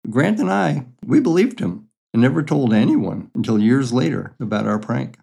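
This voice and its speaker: A man's voice: mid-range voice, animated, normal speed, creaky, warm tone, breathy edge. An older man reading his own memoir stories aloud in a dry, matter-of-fact, wry way. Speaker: memoir storyteller.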